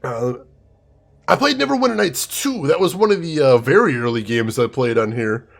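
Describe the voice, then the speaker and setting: A man's voice: mid-range voice, animated, normal speed, creaky. A man casually commenting on a game he is playing, chatty with fillers. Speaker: gameplay streamer. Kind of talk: casual let's play commentary.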